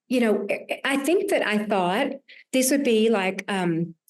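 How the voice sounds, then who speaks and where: A woman's voice: mid-range voice, animated, measured pace. A woman in her sixties with a Southern US accent, a podcast host talking earnestly about her year, with many restarts. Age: 60s. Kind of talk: reflective conversation.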